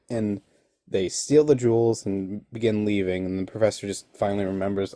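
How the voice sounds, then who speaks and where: A man's voice: on the low side, fairly even intonation, brisk, mellow, no echo. Laughing young man recapping an episode. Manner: rambling, laughs often, many fillers. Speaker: online reviewer.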